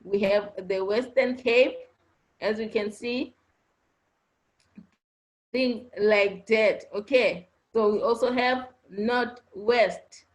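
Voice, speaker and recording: A woman's voice: medium pitch, slow pace, pauses often, low-quality recording. A woman teaching an online class, patiently repeating points and checking understanding with frequent "okay?" prompts. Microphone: online video class audio.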